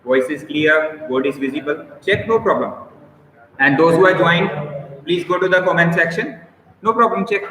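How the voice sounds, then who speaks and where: A man's voice: a little high, moderate pace, sharp tone, heavy reverb, long reverb tail, slight background noise, low-quality recording. A man with an Indian English accent teaching a biology class online, explaining patiently and calling on students by name. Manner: instructive, repeats points, calls on students by name. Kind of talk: live online class lecture.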